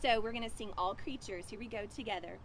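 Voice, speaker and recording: A woman hosts a children's morning time. She reads stories aloud and leads the kids in a gentle, cheerful, encouraging way. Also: medium pitch, fast, a loud crowd. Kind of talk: reading aloud and leading children.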